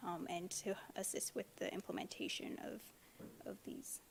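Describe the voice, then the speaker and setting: A woman's voice: mid-range voice, normal speed, vocal fry, whispered. A woman town staff member answering council in a formal, hesitant way, with many fillers.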